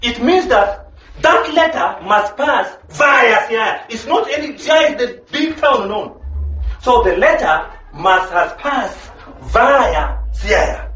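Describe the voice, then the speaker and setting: A man's voice: very high voice, expressive, slow pace, bright, forceful tone, roomy sound, low-quality recording. A man preaching a sermon as pastor, emphatic and driving home the same phrases again and again. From Kenya.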